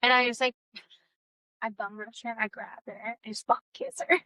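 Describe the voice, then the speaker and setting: A woman's voice: on the high side, fairly quick, no room sound, low-quality recording. A middle-aged woman co-hosting a podcast, telling stories bluntly and profanely in casual chat. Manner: blunt and profane, lively storytelling. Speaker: podcast co-host.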